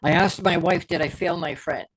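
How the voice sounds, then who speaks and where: A man's voice: a little high, fairly even intonation, moderate pace, fairly bright tone, low-quality recording. A middle-aged man hosting a podcast, giving a fervent motivational talk as a performance coach and repeating key words for emphasis.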